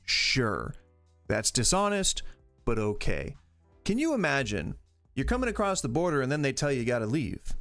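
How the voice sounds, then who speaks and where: Opinionated male streamer, mid-pitched and gravelly, rambling reaction talk. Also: no room sound. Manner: opinionated, argumentative, rambles with restarts. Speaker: streamer host reacting to videos. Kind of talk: casual reaction commentary.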